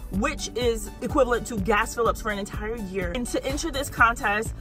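A bubbly woman vlogger with a somewhat high voice talks fast and excitedly, calling her viewers y'all. Background music plays clearly under her voice. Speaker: couponing vlogger. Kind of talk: excited sponsor pitch and store vlog. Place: gas station, then inside a discount store.

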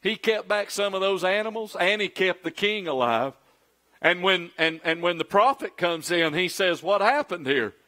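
A man's voice: high-pitched, normal speed, bright, forceful tone. A middle-aged man preaching a sermon as pastor, acting out quoted pleas in a raised, pleading voice.

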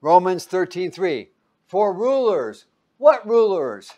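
A man preaching a Bible-teaching sermon, reading verses loudly and pausing for his listeners to call out the missing word. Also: high voice, big pitch swings. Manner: quizzing listeners with fill-in-the-blank questions; emphatic, loud when reading scripture aloud.

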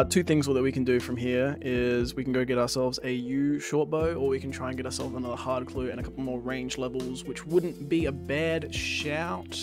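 A man giving casual, profane, rambling commentary to viewers while playing a game. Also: medium pitch. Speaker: gaming commentator.

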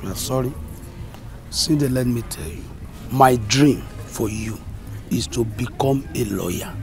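An actor playing a stern middle-aged school authority figure, speaking Nigerian English in a lecturing tone. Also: male voice, medium pitch, a little slow, gravelly, faint music behind. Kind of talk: film drama acting.

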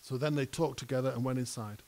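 A man's voice: medium pitch, fairly even intonation, fast talker, darkish tone. A male pastor preaching a conversational sermon that rises to emphatic peaks. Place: church hall.

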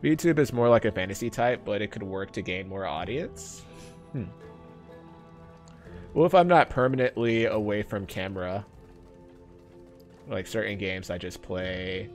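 A man streaming a game live, bantering with his chat, laughing often and getting loud and defensive when teased. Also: fairly low pitch, a little slow, long pauses, faint music behind.

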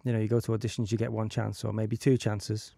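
A man's voice: fairly low pitch, level tone, fast, vocal fry, warm tone, dry recording, clean studio sound. A man hosting a podcast, chatting casually with many fillers. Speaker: podcast host. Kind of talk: casual interview chat.

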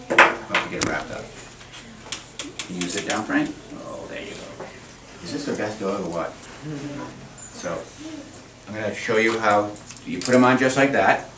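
A man's voice: deep voice, background noise. A man working as a veterinarian, giving a class a patient, encouraging hands-on demonstration. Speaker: veterinarian teaching children. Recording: echoey classroom, camera from far.

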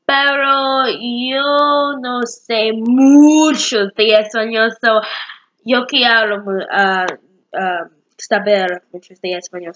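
A woman's voice: medium pitch, a bit bright, dull audio. A young woman in her late teens chatting casually to camera with a bubbly, rambling manner and many fillers. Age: young adult. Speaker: vlogger.

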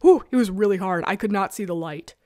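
A woman hosting a casual talk show, chatting about comics in an animated, self-mocking way and laughing often. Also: medium pitch, brisk, no echo, clean studio sound. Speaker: podcast host reviewing webcomics. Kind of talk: casual chat. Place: rural home.

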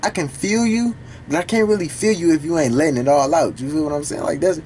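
A man recording casual reaction commentary for a video, talking back to the song in an animated, profane way. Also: fairly high pitch, fast talker, slight background noise. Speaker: music reaction YouTuber.

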